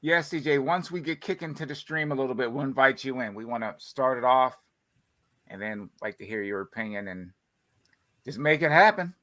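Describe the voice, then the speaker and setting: A man with a mid-pitched voice co-hosts a casual livestream. He is laid-back and joking, talking straight to his viewers like friends. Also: animated, a little fast, bright, forceful tone. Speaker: livestream co-host.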